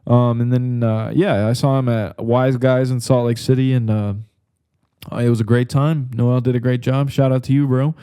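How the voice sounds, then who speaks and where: A man's voice: mid-range voice, level tone, moderate pace, warm tone, clear, resonant tone. A young man hosting his own podcast alone, telling stories in a rambling, loose way with plenty of swearing. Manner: rambling and loose, with lots of fillers and profanity. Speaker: podcast host. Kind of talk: casual solo podcast monologue.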